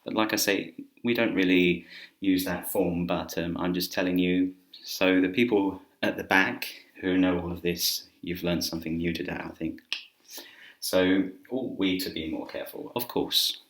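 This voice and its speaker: Deep-voiced man teaching English in a roomy space. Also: moderate pace. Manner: relaxed, chatty, gives spoken examples with filler words. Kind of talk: casual grammar lesson to camera. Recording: roomy echo.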